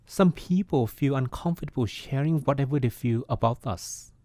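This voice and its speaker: A man, a Buddhist monk, hosting a podcast and giving a calm, reflective meditation talk. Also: medium pitch, normal speed, no room sound.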